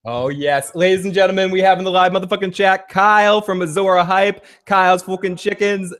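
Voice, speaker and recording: A man hosting a live-streamed podcast, hyping the chat with loud, profane hype-man delivery. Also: high-pitched, fairly even intonation, brisk. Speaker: host.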